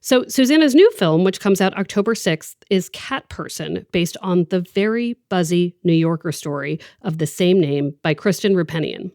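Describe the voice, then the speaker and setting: A woman hosting a podcast in a chatty, enthusiastic way, often slipping into quoted asides. Her voice sits a little low and the recording is close and dry, with no room sound. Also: normal speed, few pauses, dry recording. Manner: chatty and enthusiastic, quoting people in lively asides. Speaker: podcast host. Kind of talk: conversational podcast interview.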